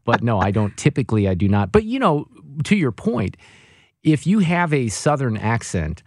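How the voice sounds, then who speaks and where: Laughing, rambling radio host. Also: male voice, mid-range voice, big pitch swings, normal speed, no room sound, clean studio sound. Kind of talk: casual on-air banter. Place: radio studio. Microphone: studio mic.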